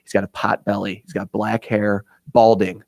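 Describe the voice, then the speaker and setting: A man's voice: fairly low pitch, moderate pace, creaky, no room sound. A man with an Indiana accent telling a long story on a radio show, acting out other people's lines and laughing often. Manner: animated storyteller, acts out voices, laughs often. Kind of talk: casual storytelling chat.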